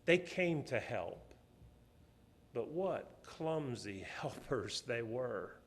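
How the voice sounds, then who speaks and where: A middle-aged man preaching a sermon, telling stories, swinging between loud, emphatic passages and quiet, soft ones. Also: mid-range voice, very animated, extremely slow.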